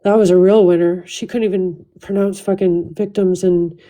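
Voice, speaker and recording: A woman speaks with a lowish, dark voice and fairly even intonation on a rough recording. She's venting furiously on her own livestream, talking into her phone with lots of swearing and fast restarts in a heated rant.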